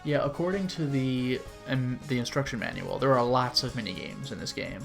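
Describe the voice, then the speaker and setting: A man's voice: medium pitch, lively intonation, moderate pace, gravelly, soft background music. A man giving casual, rambling commentary while streaming a game, peppered with fillers. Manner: chatty and rambling, with frequent "like" fillers.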